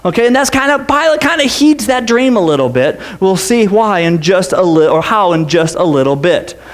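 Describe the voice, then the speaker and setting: A man's voice: high voice, moderate pace. A man preaching a sermon in a church, telling the story with jokes and acting out the crowd and the characters. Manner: animated, joking storyteller who acts out the crowd and Pilate. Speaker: pastor. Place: church sanctuary.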